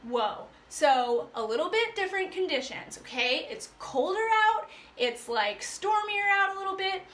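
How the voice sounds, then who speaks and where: A woman life coach telling a personal story to her viewers in a chatty, animated way, full of fillers. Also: extremely high pitch, normal speed, reverberant. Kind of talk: casual storytelling to live viewers.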